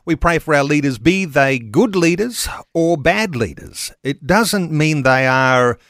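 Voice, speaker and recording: A male radio host who asks his guest questions in a measured, earnest way. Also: on the high side, lively intonation, fairly bright tone, no echo, clean studio sound. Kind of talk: radio interview.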